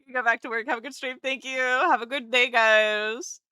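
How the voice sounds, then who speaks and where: A bubbly woman streamer talks casually to her chat, her voice a little high and sharply bright. She is excitable and swears freely. The sound is dry and close, with no room around it. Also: moderate pace, clean tone, dry recording.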